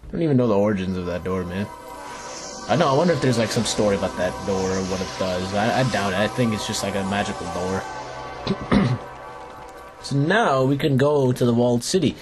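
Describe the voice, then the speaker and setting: A man's voice: on the low side, animated, a little fast. A young man hosting a let's play, giving playful, jokey gameplay commentary, rambling and talking to the characters on screen. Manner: rambling, restarts his sentences. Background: game music.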